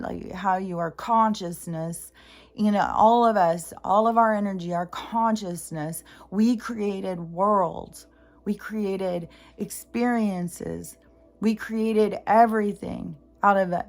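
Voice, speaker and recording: A woman's voice: mid-range voice, a little mellow. Middle-aged woman rambling on her vlog, lots of "so anyways", skips all over the place. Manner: rambling, jumps between tangents, many fillers. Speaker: spiritual vlogger. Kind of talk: casual rambling monologue.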